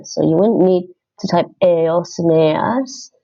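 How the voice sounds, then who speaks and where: Slow gravelly woman thinking aloud. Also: lowish voice, mellow, lo-fi sound. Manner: thinks aloud, chatty, self-correcting. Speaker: language-learning streamer. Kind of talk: casual livestream commentary while doing app lessons.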